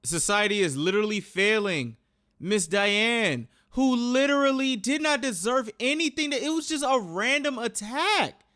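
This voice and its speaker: Agitated man with a lively, swinging voice. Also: very high voice, unhurried. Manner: agitated, swearing, exclaiming. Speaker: reaction video host. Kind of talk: casual reaction commentary.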